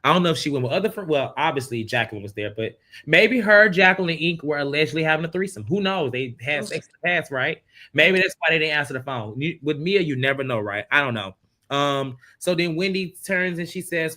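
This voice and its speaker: A man hosting a casual reality TV recap, retelling the drama in an animated, incredulous way. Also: a little high, brisk.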